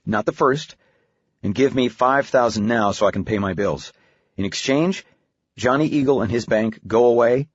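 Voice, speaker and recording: A man voicing a shrewd, calculating middle-aged bank manager who speaks in a measured, deliberate, confident way, in an audiobook. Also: mid-range voice, breathy edge, no room sound, lightly acted. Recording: dry, slightly dull studio audio.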